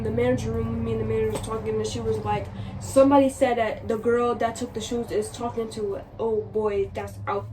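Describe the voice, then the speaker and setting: A woman vlogger telling a casual storytime in an animated, exasperated way, repeating herself for emphasis. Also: fairly high pitch. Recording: distant mic with noisy background.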